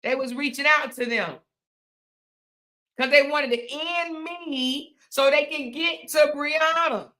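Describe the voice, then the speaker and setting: Woman going off on a rant, aave, mocking and emphatic, bright higher voice. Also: slow. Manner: sarcastic, repetitive, mocking, emphatic. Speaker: commentary channel host. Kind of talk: ranting commentary monologue.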